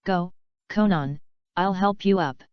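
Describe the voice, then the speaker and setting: A woman reading the part of a calm, gentle young ninja leader, speaking in a fairly low, very clear and smooth voice. The recording is dry and a bit dull. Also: takes it slowly, no room sound.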